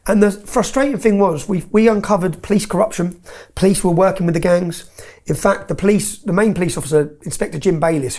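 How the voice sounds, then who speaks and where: Brief: blunt man, gravelly voice, swears freely, interview guest. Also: high-pitched, a little mellow. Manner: blunt, swearing, checks in with "yeah?". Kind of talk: emphatic interview storytelling.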